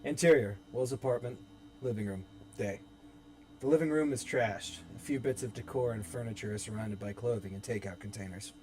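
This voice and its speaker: A man's voice: fairly low pitch, fairly quick, darkish tone, slight background noise. A young man narrating scene directions evenly in a dramatic reading of his own horror script. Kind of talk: dramatic script table-read. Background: background music.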